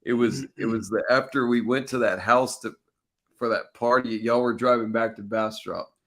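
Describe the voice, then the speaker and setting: A man from Texas swaps stories with a friend on a casual live stream. He swears freely and breaks into laughter mid-sentence. His voice sits at an ordinary pitch for a man. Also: steady tone, normal speed, a bit bright. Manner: swears a lot, laughs while telling stories. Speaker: podcast host. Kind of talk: casual storytelling chat. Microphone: video call stream.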